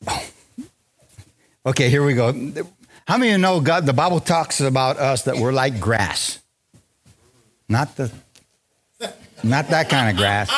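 A man preaching a lively, joking sermon in a church, drawing responses from the congregation. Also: mid-range voice, a little hiss or hum. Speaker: pastor. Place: church sanctuary.

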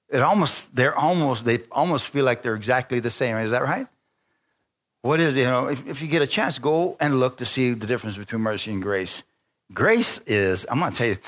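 A man preaching a sermon in a church, telling a story with acted-out voices and frequent laughter, calling on the congregation. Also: mid-range voice. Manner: lively storytelling preacher, acting out quoted voices, laughing often. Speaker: pastor. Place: church sanctuary.

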